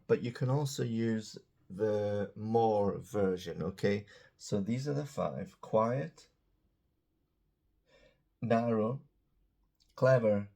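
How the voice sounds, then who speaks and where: A man teaching English grammar in a casual, chatty way, drawing out example words slowly and dropping joking asides, beside a small whiteboard indoors. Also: on the low side, creaky, a little mellow. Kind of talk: casual grammar lesson to camera.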